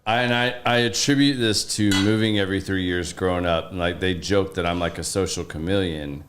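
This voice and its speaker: A man telling anecdotes in an animated, casual way during a podcast conversation. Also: sits low, brisk.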